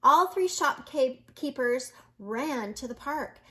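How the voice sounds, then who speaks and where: An older woman reading a children's picture book aloud in a gentle, slow manner, pointing out the pictures. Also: high voice, lively intonation.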